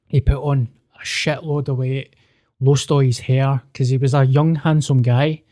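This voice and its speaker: A man's voice: medium pitch, measured pace. A man telling a personal story on a podcast, casual and sweary, acting out the dialogue. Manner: sweary, animated, acts out quoted dialogue.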